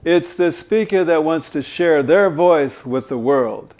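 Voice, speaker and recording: A man's voice: a little high, animated, unhurried, darkish tone. A man working as a voice coach, giving an instructional talk and demonstrating voice faults with emphatic delivery.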